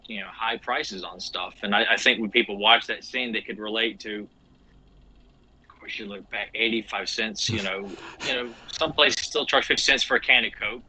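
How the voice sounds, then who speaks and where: A man's voice: fairly low pitch, bright, forceful tone, a little hiss or hum, low-quality recording. A man co-hosting a podcast, talking casually and rambling with many restarts and "you know"s. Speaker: podcast co-host. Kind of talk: casual chat.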